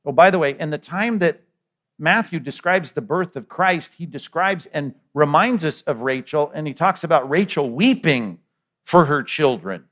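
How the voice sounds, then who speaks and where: A man's voice: a little high, animated, normal speed, fairly bright tone. A middle-aged male pastor preaching a sermon in a conversational way, with repeated words and rhetorical questions.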